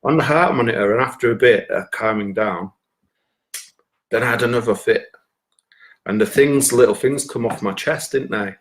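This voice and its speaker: Brief: Northern English man from Bradford, comic storyteller, sweary and excitable, mid-range voice. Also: mid-range voice, normal speed, long pauses. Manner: profane, rambling, excitable anecdote. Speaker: comedian telling a story. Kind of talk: stand-up storytelling.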